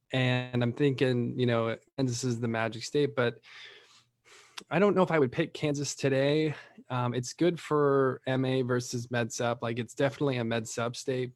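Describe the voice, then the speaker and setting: A man who runs a lead-generation business, chatting casually and telling rambling, animated stories full of fillers. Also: mid-range voice, no echo.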